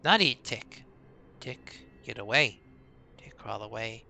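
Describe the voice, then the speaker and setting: A man voicing a small, scraggly, nervous goblin who speaks in halting, broken phrases in a hushed, shaky voice. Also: medium pitch, lively intonation, vocal fry, exaggerated voice. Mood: uncertain. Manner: halting broken speech, stammering short phrases.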